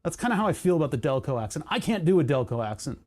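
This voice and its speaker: Mellow-voiced rambling streamer from Pennsylvania. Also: medium pitch, big pitch swings, rapid-fire. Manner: rambling, tangent-prone, self-interrupting. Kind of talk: casual live-stream chat while working on a computer.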